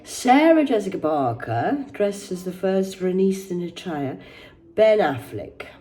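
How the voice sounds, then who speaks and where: A woman rambles through the celebrity headlines, swearing and drifting into mock outrage. Her pitch swings widely from low mutters to high indignant peaks. Her tone is dark and mellow. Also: very animated, a little slow. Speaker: host reading celebrity news. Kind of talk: casual news commentary.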